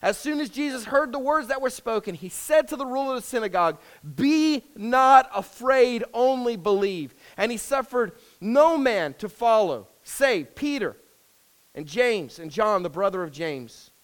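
A man preaching a sermon, praying in a hushed voice and reading scripture aloud with rising intensity. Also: extremely high pitch, animated. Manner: earnest, rises and swells when reading scripture aloud; hushed and slow in prayer. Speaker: pastor.

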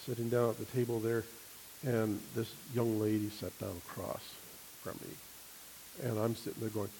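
A man preaching a sermon, telling a personal story with an animated manner and acting out other people's voices. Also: on the low side, measured pace, gravelly, slight background noise, rough recording.

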